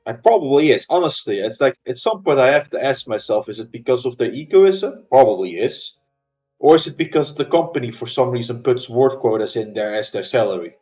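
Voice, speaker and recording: A man chatting casually while a friend plays a game, explaining things in a calm, wry way. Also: medium pitch, a little fast, soft background music, poor audio. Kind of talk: casual gaming chat.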